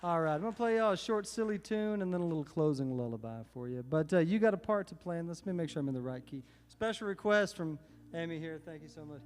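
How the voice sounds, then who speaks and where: A man from Texas, a musician chatting and joking quickly between songs at a service concert in a synagogue sanctuary. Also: on the high side. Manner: relaxed, joking, quick, folksy. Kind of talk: stage patter between songs. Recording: long reverb in a large hall. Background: guitar.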